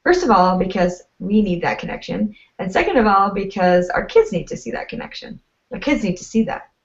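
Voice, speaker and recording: A woman's voice: mid-range voice, very animated, brisk. Chatty woman, heard from afar. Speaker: guest. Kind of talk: casual chat. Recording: distant dull lo-fi sound.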